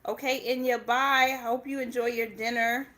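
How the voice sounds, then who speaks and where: A woman's voice: on the high side, level tone, moderate pace, sharp tone. A young woman from Indiana chatting casually on a livestream, laughing often and breaking off to talk to her kids. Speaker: personal finance channel host.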